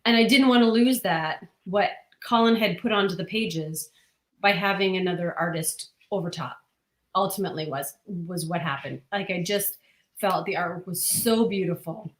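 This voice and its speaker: A woman's voice: fairly low pitch, normal speed, echoey room. A woman who writes comics, answering interview questions earnestly and at length, with frequent restarts.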